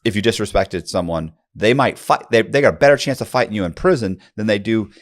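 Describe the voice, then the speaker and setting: Lively low-voiced man telling stories. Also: quick pace. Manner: lively storyteller, jumps high when acting out quoted voices. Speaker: interviewer. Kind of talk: casual storytelling interview.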